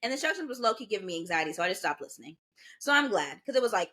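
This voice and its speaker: Animated young woman telling a story. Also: medium pitch, very fast. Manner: animated, acts out quoted voices. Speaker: podcast co-host. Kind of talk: casual storytelling chat.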